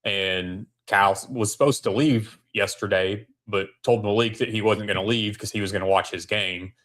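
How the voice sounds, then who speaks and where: Male co-host, lowish voice; measured, unpolished recap. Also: fairly even intonation, fairly bright tone. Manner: measured recap, lots of ums and you-knows. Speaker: podcast co-host. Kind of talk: casual sports chat.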